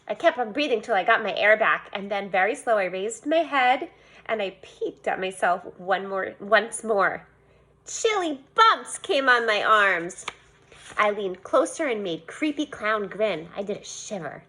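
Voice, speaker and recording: A woman reading a children's storybook aloud in an animated way. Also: mid-range voice, measured pace. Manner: animated, voicing a young girl narrator. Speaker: reader.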